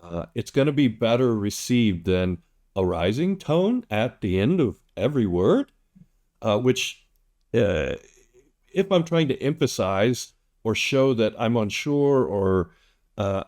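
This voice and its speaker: A man with a low voice leads an English pronunciation lesson at a very unhurried pace. He breaks practice sentences into single, deliberately overpronounced words. Between them he explains in a relaxed way, full of ums and uhs.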